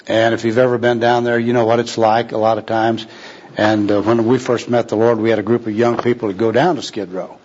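A man's voice: lowish voice, little pitch movement, a little fast, a little mellow. A man preaching a sermon, telling a story in a folksy, conversational manner, heard on a dull lo-fi recording.

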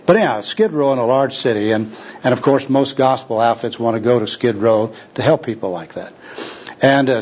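A male preacher tells a sermon story in a folksy, conversational way. His mid-pitched voice is husky, and the recording is dull and lo-fi. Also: a little mellow.

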